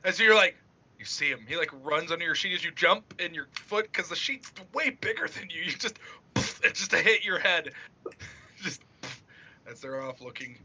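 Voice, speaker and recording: Laughing, bright-voiced game master man. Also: on the high side, animated, normal speed, breathy edge. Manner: laughs often, loose narration with many fillers. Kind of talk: casual tabletop game narration.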